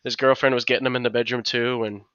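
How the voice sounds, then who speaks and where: A man's voice: mid-range voice, level tone, fast, fairly bright tone, clean tone, dry recording, highs cut off. A man co-hosting a podcast, telling a long anecdote in casual chat, rambling with many restarts and acted-out quotes. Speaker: podcast co-host.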